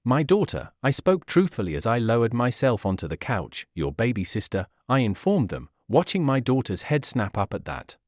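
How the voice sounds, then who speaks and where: A man telling a first-person story as narrator, reading in an expressive way. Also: mid-range voice, normal speed, hardly any pauses, no echo, clean studio sound.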